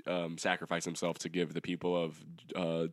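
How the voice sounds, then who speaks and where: Young guy podcast cohost, lowish voice, rambly, swears, laughs a bunch, dry sound. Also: completely flat delivery, moderate pace, dry recording. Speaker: podcast co-host. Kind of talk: casual chat about manga.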